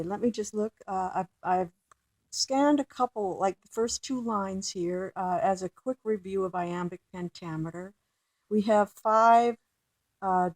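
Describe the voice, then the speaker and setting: A literature teacher reads a poem aloud in a recorded lecture, then explains its meter slowly and haltingly, with lots of fillers and restarts. Her voice is medium-pitched and a little mellow, with no echo.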